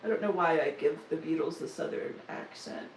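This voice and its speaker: A woman's voice: low-pitched, a little fast, reverberant, recorded from a distance, a little hiss or hum, poor audio. A woman, chatting casually on a live stream about her stitching projects, with joking asides and self-deprecating humor. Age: 60s. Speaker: stitching vlogger.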